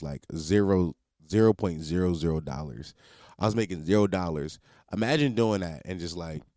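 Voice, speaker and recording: A man's voice: low-pitched, darkish tone, no room sound, clean studio sound. A man in his twenties talking in a casual solo podcast monologue, rambling and profane, laughing at himself. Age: 20s.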